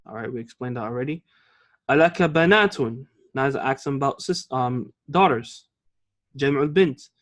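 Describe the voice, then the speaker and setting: A man teaching an Arabic grammar lesson, explaining patiently and often checking with the class. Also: mid-range voice. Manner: reads example lines slowly and clearly.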